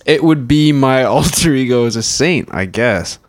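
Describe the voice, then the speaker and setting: A man's voice: medium pitch, expressive, normal speed. A man from Canada trading sardonic, profane jokes in improvised comedy banter.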